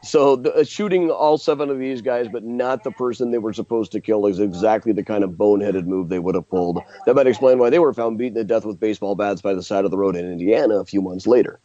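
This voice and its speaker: Low, dark-voiced man telling stories. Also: quick pace, hardly any pauses, dry recording, lo-fi sound. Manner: animated anecdotes with laughs and restarts. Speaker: guest historian and tour guide. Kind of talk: storytelling in a radio interview.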